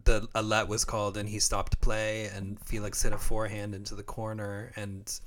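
A man with a lowish voice, co-hosting a podcast in relaxed, casual chat. He is from Canada and talks in a loose, friendly way, breaking into laughter often. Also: moderate pace. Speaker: podcast co-host.

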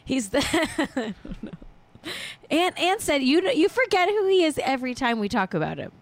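A woman hosting a podcast, animated and gossipy in casual chat, laughing easily. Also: high voice, normal speed. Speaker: podcast host.

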